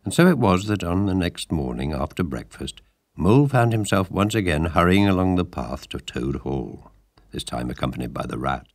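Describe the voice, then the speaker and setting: A man with a very low voice reads a storybook aloud, measured and lively in his telling. The recording is close and dry, with no room sound. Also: no room sound. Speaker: audiobook narrator. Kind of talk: scripted storybook narration.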